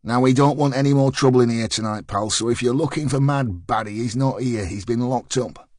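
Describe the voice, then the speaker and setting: A jittery, gossipy pub landlord, put on by a male narrator with a lilt, stammering as he spills rumours. He talks a touch lower and softer than the narrator's own voice. The sound is close and dry, with no room around it. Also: brisk, no room sound, natural voice. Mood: nervous gossip. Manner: stammering, chatty, dialect-heavy.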